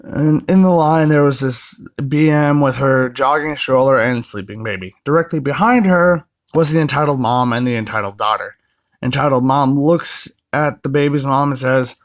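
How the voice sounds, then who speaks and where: A man with a fairly high-pitched voice reads online stories aloud. He keeps a casual, chatty tone. He stops between passages to make wry little comments of his own. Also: moderate pace. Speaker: story reader.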